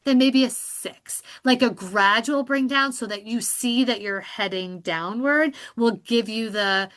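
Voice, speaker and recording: A woman psychologist guest on a podcast, explaining therapy and coping skills in a lively, talkative way, laughing often. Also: on the high side, unhurried. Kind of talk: podcast interview.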